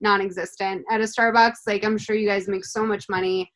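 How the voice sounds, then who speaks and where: A woman's voice: medium pitch, fairly even intonation, a little fast, a bit bright. A woman in casual conversation, asking rambling, curious questions with many fillers. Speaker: podcast co-host. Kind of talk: casual chat.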